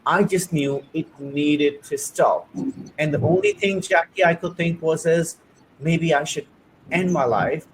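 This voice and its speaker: A man with a slightly high voice hosts a heartfelt conversation, sharing his own experience as personal testimony. He speaks earnestly and unhurriedly in short, searching phrases, on a rough recording with faint ambient noise behind him.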